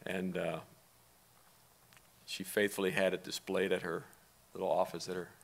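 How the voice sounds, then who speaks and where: A middle-aged man with a very low voice speaks at a memorial in a church. He talks softly and haltingly, stopping often to gather himself. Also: level tone, gravelly. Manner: soft-spoken, halting, with pauses. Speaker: father speaking at a memorial service. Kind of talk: personal eulogy and reading aloud. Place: church sanctuary.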